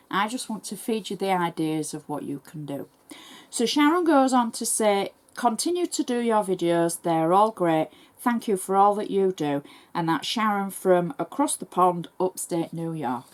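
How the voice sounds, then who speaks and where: An English woman who hosts crafting tutorials, reading viewer messages aloud in a brisk, chatty and thankful way. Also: medium pitch, darkish tone. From England.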